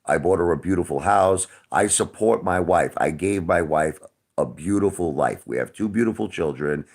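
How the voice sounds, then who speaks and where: A man's voice: deep voice, normal speed, darkish tone. A man in his forties answering his chat on a casual livestream, defensive and repetitive, who keeps calling the viewers brother. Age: 40s.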